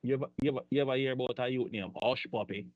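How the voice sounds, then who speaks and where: A man's voice: mid-range voice, rapid-fire, darkish tone, no room sound. Nigerian man over a dull phone line. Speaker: scammer on a call. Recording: dull, dry phone audio.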